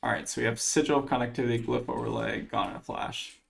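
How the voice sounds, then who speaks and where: A man's voice: mid-range voice, steady tone, fast talker, vocal fry. A man commentating his own card game match, thinking aloud as he weighs each play, with plenty of fillers. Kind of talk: casual gameplay commentary.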